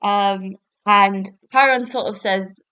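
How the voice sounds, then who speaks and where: A woman's voice: medium pitch, slow pace, sharp tone, clean tone, no room sound. Chatty woman reviewing a show. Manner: chatty, rambling, lots of fillers like "so basically" and "like". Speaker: podcast host. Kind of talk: casual solo review chat.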